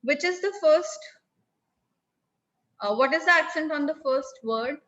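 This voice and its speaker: Woman, French teacher, video call class, slow careful speech, bright tone. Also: high-pitched, expressive, dull audio. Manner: calls on students by name, repeats answers.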